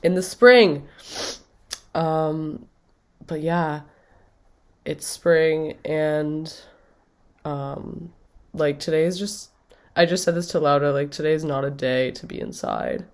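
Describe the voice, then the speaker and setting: Slow, creaky young woman with a cold. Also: deep voice, animated, a little mellow. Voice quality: vocal fry. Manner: rambling, filler-heavy. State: stuffy with a cold. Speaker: radio host. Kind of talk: casual chat.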